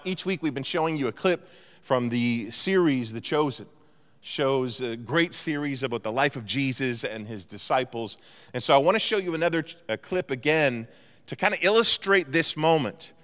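A man preaching a sermon as pastor, telling stories and acting out what people said. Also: medium pitch. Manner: animated storyteller, acts out quotes. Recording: long hall reverb.

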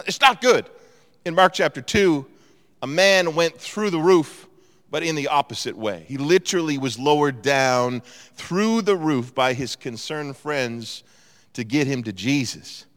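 Male pastor, lively storyteller, slightly high voice, long church-hall reverb. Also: unhurried. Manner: animated storyteller, acts out quotes. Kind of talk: sermon.

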